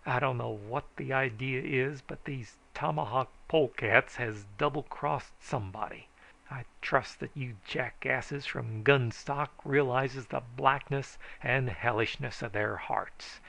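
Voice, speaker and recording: A man voicing a loud, accusing frontier ruffian who speaks in a bellowing, drawling dialect. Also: medium pitch, a little slow, creaky. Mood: blustering.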